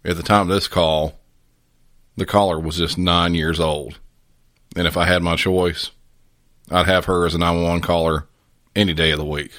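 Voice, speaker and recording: A man hosting a podcast, giving scripted commentary in a measured, earnest way. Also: low voice, fairly even intonation, a bit bright, no room sound, clean studio sound. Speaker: podcast host. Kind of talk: scripted narration.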